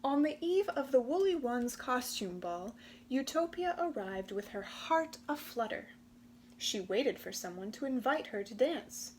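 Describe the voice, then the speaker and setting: Slow, expressive woman reading a storybook. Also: a little high, a little hiss or hum. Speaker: storybook reader. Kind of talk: children's picture book read-aloud.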